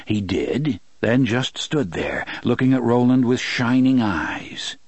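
Male audiobook narrator, expressive, husky tone, dry booth sound. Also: mid-range voice, takes it slowly, no echo. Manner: expressive storytelling, many voices. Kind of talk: scripted narration.

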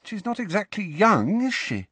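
A man's voice: high-pitched, very animated, moderate pace, a bit bright, breathy edge, no echo, voice pushed up, heavily acted. A man voicing an anxious, earnest teenage schoolgirl witch who speaks shakily, as if near tears. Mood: shaky. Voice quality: shaky, tearful.

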